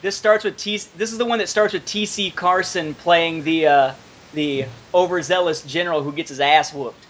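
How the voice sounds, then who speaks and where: A man chimes in on a podcast chat, dry and matter-of-fact. His voice sits a bit high, with a faint hiss behind it. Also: fairly even intonation, moderate pace, fairly bright tone. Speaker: podcast co-host. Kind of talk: casual chat.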